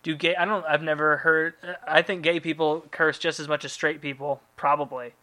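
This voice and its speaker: Rambly sweary podcast dude, super bright voice, kinda high. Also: male voice, flat delivery, normal speed. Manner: rambling, profane, riffing on listener emails. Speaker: podcast host. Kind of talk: casual chat.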